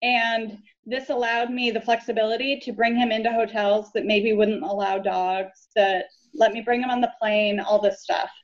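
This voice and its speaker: A woman guest, a lawyer, telling her story in an earnest, low-key way during a casual interview chat. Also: fairly even intonation, normal speed, hardly any pauses. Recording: dull lo-fi audio.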